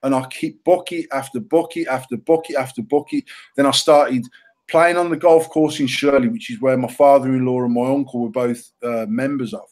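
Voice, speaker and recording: A middle-aged British man co-hosting a casual podcast, telling an animated, self-mocking story full of swearing. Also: medium pitch, moderate pace. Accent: British English. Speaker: podcast co-host.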